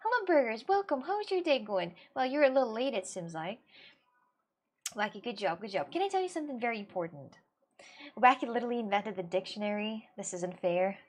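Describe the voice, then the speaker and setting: A fairly high-voiced young woman whose first language is Russian chats casually with her live viewers. She laughs often and trips over her words, restarting sentences as she reads the chat. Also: animated, a little fast. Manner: giggly and scattered, with frequent laughs and restarts. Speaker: livestreamer.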